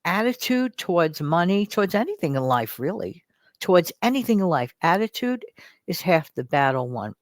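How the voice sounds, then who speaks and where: A woman's voice: lowish voice, very animated, moderate pace, dry recording. An older woman hosting a casual advice vlog, talking in a chatty, encouraging way and now and then acting out whiny voices. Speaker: host.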